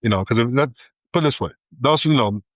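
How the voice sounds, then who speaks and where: A man's voice: medium pitch, quick pace, no room sound, rough recording. A man co-hosting a casual barbershop-style podcast. He rambles and laughs often. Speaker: podcast co-host.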